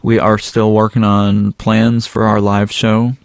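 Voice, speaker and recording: Guy hosting a podcast, lowish voice, easygoing and rambly, dry close sound. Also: a little slow, gravelly, clear, resonant tone, no room sound. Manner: relaxed, chatty, frequent ums and uhs. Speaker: podcast co-host. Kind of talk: casual podcast chat.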